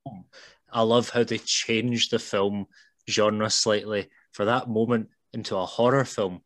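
Male podcast guest, lower voice, relaxed and thoughtful explainer, close and dry. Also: measured pace, dry recording. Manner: thoughtful, explains at length with "you know". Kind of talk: casual film chat.

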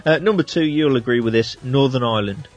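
A man's voice: medium pitch, quick pace, highs cut off, faint music behind. A man from England co-hosting a casual radio chat, easygoing as he reads out a countdown. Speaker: radio co-host.

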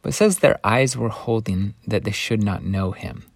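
A man teaching a scripture lesson, retelling the story in an animated way that swings between hushed and lively. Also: fairly low pitch, normal speed, dry recording, clean studio sound.

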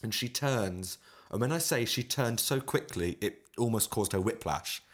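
Low-voiced man telling a lively anecdote. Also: normal speed. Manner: animated anecdote telling with frequent laughter. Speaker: audition pianist. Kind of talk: casual podcast storytelling.

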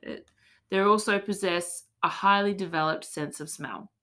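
A woman's voice: mid-range voice, moderate pace, a bit bright. An Australian woman hosting a casual podcast, telling a tall tale in a mock-serious, playful way. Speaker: podcast host.

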